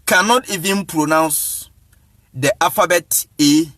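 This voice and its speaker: A man with a high, bright voice talks slowly and with emphasis as an evangelist, spelling words out letter by letter and laughing often. He speaks straight to his listeners. The sound is dry and close. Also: animated, no echo. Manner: addresses listeners directly. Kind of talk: lecture-style talk.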